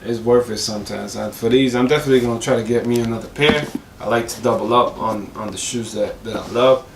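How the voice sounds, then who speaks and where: A hoarse man chats through a sneaker review with a lot of slang and eager rambling. His voice cracks now and then. He sits back from the mic in an echoey room with clear noise behind him. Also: mid-range voice, quick pace, far from the mic.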